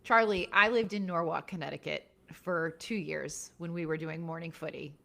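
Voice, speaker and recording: A woman's voice: deep voice, fairly even intonation, moderate pace, gravelly, pushed and bright. A woman co-hosting a podcast, asking the guest direct questions in casual chat. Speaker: podcast co-host.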